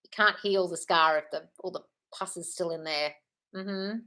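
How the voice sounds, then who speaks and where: A woman's voice: lowish voice, steady tone, normal speed, pushed and bright. Blunt, swearing woman coach on a live stream. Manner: blunt, swears casually, calls listeners darling. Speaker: manifestation coach. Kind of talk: live-stream Q&A reading viewer comments.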